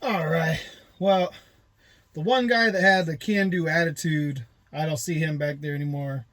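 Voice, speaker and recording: A chatty truck driver talks casually from his cab, rambling and retelling conversations with a loose, offhand ease. His voice sits a bit high for a man. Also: steady tone, moderate pace, a bit bright. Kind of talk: casual vlog narration.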